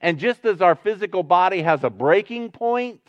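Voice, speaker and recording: A man's voice: sits high, lively intonation, moderate pace, no echo. Earnest preaching man, dull dry sound. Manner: earnest preaching, swings from hushed to emphatic. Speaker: pastor. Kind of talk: sermon.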